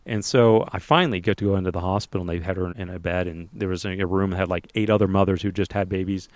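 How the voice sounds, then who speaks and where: A man co-hosting a podcast, telling a lively personal anecdote in a casual way. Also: sits low, quick pace, no echo. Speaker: podcast co-host telling a story. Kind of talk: casual storytelling.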